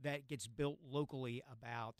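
A man hosting a sports talk radio show, articulate and brisk, on a studio microphone. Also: medium pitch, fairly even intonation, clear, resonant tone, no room sound.

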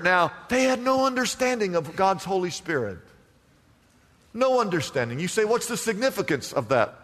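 A man preaching in a bright, forceful voice that sits high and swings widely in pitch. He keeps throwing questions to the congregation for them to answer, and the sound rings with a long reverb from the church. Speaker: pastor. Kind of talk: sermon. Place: church sanctuary. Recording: long reverb from a large room.

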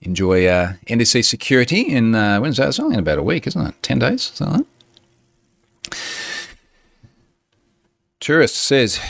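A man hosting a show in casual chat, sardonic and animated and often breaking into laughter. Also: lowish voice, normal speed, creaky, long pauses, no room sound, studio quality.

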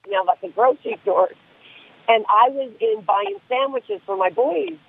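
A man's voice: very high voice, sing-song, normal speed, creaky, breathy edge, no echo. A middle-aged man calling in to a radio show, talking in an earnest, rambling way over a tinny phone line. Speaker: caller.

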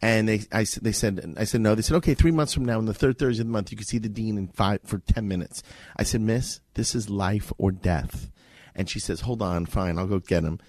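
A man telling a lively personal story as a radio show guest, acting out the people he quotes. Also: lowish voice, dry recording. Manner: fast animated anecdote, acts out quoted voices. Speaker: guest filmmaker.

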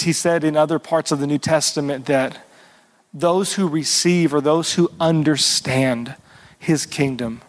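A man's voice: on the high side, long reverb tail. A man preaching a sermon as pastor, earnestly stretching out key words and calling for responses from the congregation. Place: church service.

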